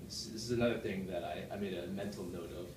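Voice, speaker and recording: A man's voice: steady tone, fast, darkish tone, slight background noise. A man giving a rambling, self-deprecating club speech full of fillers and restarts, recorded from across a meeting room. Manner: puts on a deeper voice from the chest. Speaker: club speaker. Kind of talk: prepared speech. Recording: echoey room from far off.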